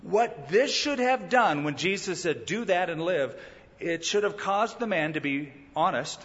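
A male pastor preaching a sermon in a lively way, often acting out the people he quotes. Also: high voice, measured pace, in a large hall, dull audio. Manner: animated preaching that acts out quoted speakers.

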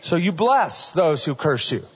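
A middle-aged male pastor preaching a sermon in an earnest, conversational way, often dropping to a soft voice for asides. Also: a little high, very animated, a little slow, husky. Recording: dull recording in a large reverberant hall.

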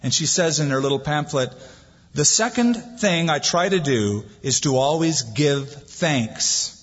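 A man's voice: fairly high pitch, animated, measured pace. A man preaching a sermon as pastor, building emphasis and reading scripture aloud. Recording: dull lo-fi sound with long hall reverb.

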